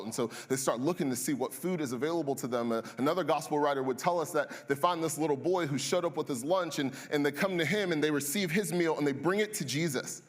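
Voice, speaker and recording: A man's voice: a little high, fast, few pauses. Man preaching with a long hall reverb. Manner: conversational, asks the congregation questions and waits for replies. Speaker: pastor. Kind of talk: sermon. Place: church auditorium.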